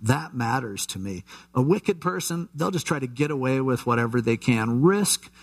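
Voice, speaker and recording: A man preaching a conversational Bible-teaching sermon, relaxed and chatty, with asides and frequent restarts. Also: mid-range voice, moderate pace. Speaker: pastor.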